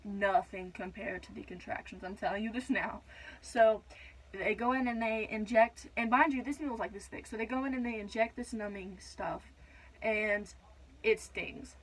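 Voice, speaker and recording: A young woman with a mid-range voice casually tells her birth story in a vlog, heard on a rough recording. She rambles, with lots of "like" and "whatnot" fillers.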